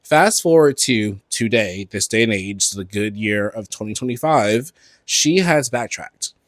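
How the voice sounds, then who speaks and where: A man hosting a podcast, talking casually about pop-culture news from home in front of his closet, animated and gossipy, swearing freely and filling his talk with "like" and "um". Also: lowish voice, a little slow, no echo, clean studio sound. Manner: animated, gossipy and profane, with frequent fillers. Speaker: podcast host.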